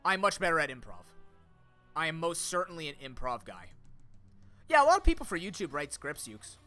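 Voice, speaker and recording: A young man with a sore throat, a streamer and content creator, chats casually on a live stream, talking to chat and to friends off-mic. His voice sits on the high side with big pitch swings, a fairly quick pace, and a sharp tone. The talk rambles off the cuff, full of fillers and restarts, over soft background music.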